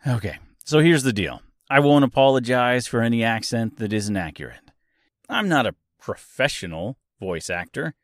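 A man's voice: no room sound, studio quality. A man hosting a podcast, talking casually about a book in a playful, self-deprecating way, his voice jumping up and down as he jokes. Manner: playful, self-deprecating, animated swings in pitch. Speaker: podcast host discussing a book. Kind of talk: casual commentary.

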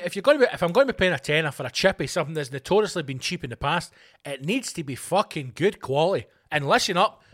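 A man's voice: high voice, a bit bright. A Scottish man hosting a podcast, reading news items aloud and ranting about them in a sweary, exasperated way. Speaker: podcast host.

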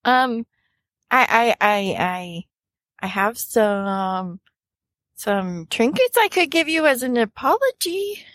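A woman's voice: on the high side, very animated, fairly quick, few pauses, dry recording. Woman as stammering flustered adventurer. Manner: stammering, fumbling over words.

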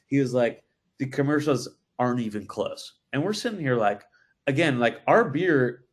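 A man telling a story as a podcast guest, animated and full of swearing. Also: mid-range voice, moderate pace. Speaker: brewery guest. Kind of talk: casual podcast chat.

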